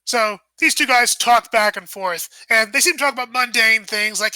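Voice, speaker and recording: Woman game master, bright, halting and thinking aloud, dry sound. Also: a little high, dry recording. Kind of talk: narrating a tabletop game.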